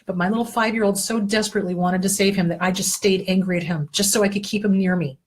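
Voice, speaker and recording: Quick and medium-pitched, this woman's voice carries a breathy edge. She's a therapist and show host giving laid-back self-help tips, bluntly and profanely guiding listeners through exercises step by step, peppered with lively, earthy asides.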